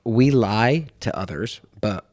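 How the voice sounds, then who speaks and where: Low-voiced man telling church stories. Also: takes it slowly. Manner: animated storyteller who acts out voices. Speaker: pastor co-hosting a sermon recap. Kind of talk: casual church podcast chat.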